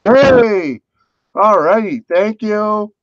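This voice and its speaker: A man's voice: high voice, huge pitch swings, very slow, creaky, no echo. A man hosting a casual livestream chat, easygoing and self-deprecating, laughing often. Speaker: livestream host. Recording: dull, dry lo-fi sound.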